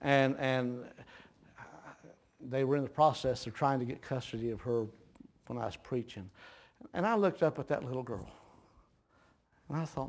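A middle-aged preacher man delivering a folksy sermon. His voice sits a touch higher than most men's. He moves from quiet, intimate storytelling to loud, impassioned preaching. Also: normal speed. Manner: folksy storytelling, swings from hushed to shouting.

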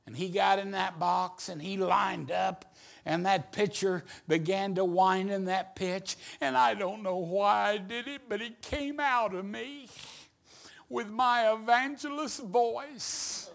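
A middle-aged man preaching a sermon, telling a story with building energy and sudden shouts. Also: high-pitched, slow pace, creaky. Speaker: evangelist preacher.

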